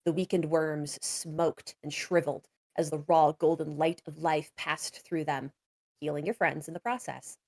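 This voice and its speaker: A woman running a tabletop game as game master, with measured storytelling narration. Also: sits low, steady tone, a little mellow.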